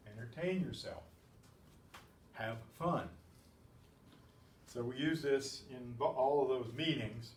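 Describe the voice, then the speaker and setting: Slow patient guy teaching a class, dry jokes, keeps clearing his throat, kinda far off the mic in an echoey room, bit of static hiss. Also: mid-range voice. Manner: patient, methodical, wry asides, clears throat often. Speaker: Spanish teacher. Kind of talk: classroom lesson. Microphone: lapel mic that catches his badge. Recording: roomy, distant lapel mic with static.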